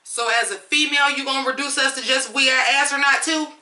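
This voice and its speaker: A woman's voice: high-pitched, fairly even intonation, a little fast, sharp tone, echoey room. A woman reviewing songs in a blunt, profane, fired-up rant. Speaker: music reviewer. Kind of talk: ranting song review.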